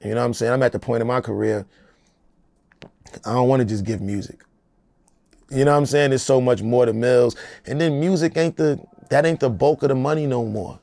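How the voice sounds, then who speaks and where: A man's voice: medium pitch, a little fast, creaky, warm tone, no room sound. A man in his forties, a rapper being interviewed, talking in a casual, profane, streetwise way and often adding "you know what I'm saying".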